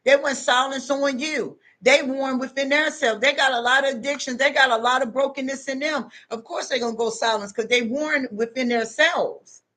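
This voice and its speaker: A woman's voice: high-pitched, steady tone, moderate pace, few pauses, pushed and bright. Middle-aged woman vlogger, preachy and emphatic, repeats every point. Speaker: advice vlogger. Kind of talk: casual advice monologue.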